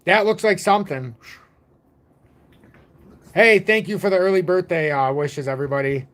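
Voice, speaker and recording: A man's voice: high voice, moderate pace, a bit bright. A man in his forties hosting a casual crypto livestream, rambling and joking at his own expense. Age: 40s. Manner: rambling, jokey, self-deprecating. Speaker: crypto channel host.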